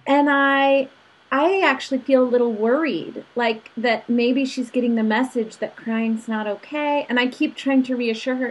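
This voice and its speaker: A woman's voice: on the high side, normal speed, poor audio. A woman hosting an interview, asking reflective and personal questions about parenting her daughter. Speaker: host.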